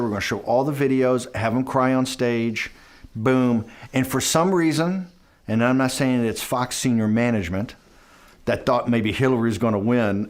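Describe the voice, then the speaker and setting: Animated man telling a rambling story. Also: mid-range voice. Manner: rambling, animated, restarts and acts out quoted dialogue. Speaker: interviewee. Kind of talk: conversational storytelling.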